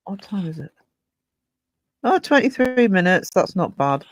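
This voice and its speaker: Man, high voice, livestream host, chatty, reads out comments, dry close sound. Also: sing-song, measured pace, no echo. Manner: chatty, reads viewer comments aloud and greets them. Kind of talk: casual chat.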